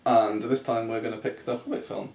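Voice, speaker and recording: A man co-hosting a podcast in casual chat, easygoing and quick to laugh along. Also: lowish voice, fairly even intonation, vocal fry, darkish tone. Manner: easygoing, laughs along and reads listener questions. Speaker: podcast co-host. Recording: roomy echo, faint background hiss.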